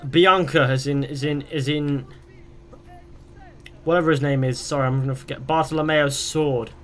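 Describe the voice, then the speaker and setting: Streaming a game live, this young man reads his viewers' questions aloud before rambling his way through replies in a casual chat. His voice is a little high, steady in tone, and moderately paced.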